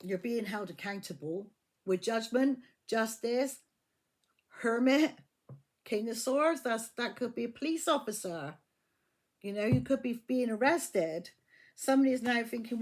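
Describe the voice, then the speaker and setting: A woman's voice: a little high, lively intonation, a little slow. A woman giving a casual tarot reading, blunt and profane, often repeating her phrases. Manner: blunt, swears freely, repeats herself. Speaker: tarot reader.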